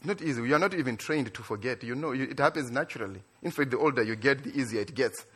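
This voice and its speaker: A man from Africa preaching a sermon in a church, animated, building to excited near-shouts and then dropping low and quiet. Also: quick pace, slightly rough. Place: church in Australia.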